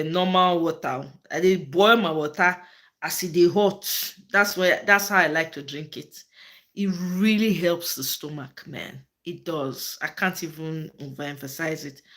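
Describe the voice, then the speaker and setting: A woman's voice: lowish voice, fairly bright tone. A woman with a Nigerian accent hosting a casual live-stream chat, switching into Pidgin and answering viewers by name. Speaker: host of a live political chat channel.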